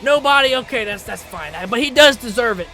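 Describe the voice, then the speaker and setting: A man calling a wrestling match play-by-play, energetic and often shouting. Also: very high-pitched, brisk, faint music behind. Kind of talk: excited play-by-play commentary.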